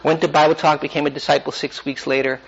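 A man's voice: fairly high pitch, level tone, fast, breathy edge. Man teaching a Bible class, dull lo-fi sound. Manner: questions the class and animates points.

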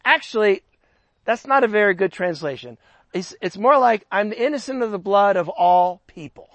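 A man's voice: sits high, animated, normal speed, dry recording. A man preaching a sermon, chatting in a conversational way and lifting his voice for emphasis when he reads scripture. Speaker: pastor.

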